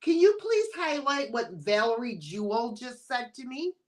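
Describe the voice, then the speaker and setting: Slow, relaxed chatty woman host. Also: on the high side. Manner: relaxed, chatty, laughs easily. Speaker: channel host. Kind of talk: casual live-stream chat.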